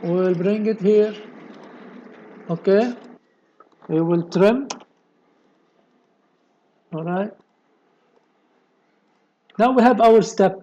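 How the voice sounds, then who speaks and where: A man's voice: high-pitched, mellow, highs cut off, slight background noise. A man with a delivery, explaining a technical drawing step by step in a screen-recorded tutorial. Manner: slow, step-by-step explaining with many okays. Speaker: engineering tutorial presenter.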